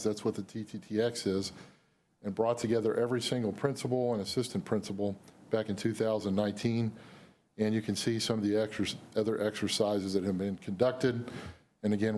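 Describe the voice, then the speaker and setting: A man, an emergency manager, giving a measured briefing at a city news conference, his voice going hoarse, with frequent "uh" and "um" fillers. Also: fairly low pitch, a little mellow. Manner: measured, filler-heavy official delivery. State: losing his voice.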